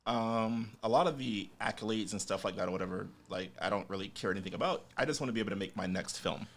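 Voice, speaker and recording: A man who is an independent filmmaker, co-hosting a podcast in relaxed, filler-heavy chat. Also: fairly low pitch, fast talker. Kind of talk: casual film chat.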